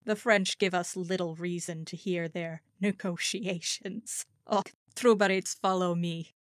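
A woman's voice: fairly low pitch, steady tone, measured pace, no echo, studio quality, close to an everyday voice. A woman voicing a weary, bitter male castle guard who speaks wryly in an audiobook story. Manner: bitter, wry.

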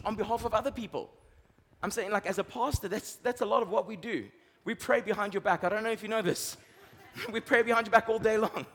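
High-voiced preaching man in an echoing hall. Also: breathy edge. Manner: dynamic preaching, rising loud for emphasis and dropping low. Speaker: pastor. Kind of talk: sermon.

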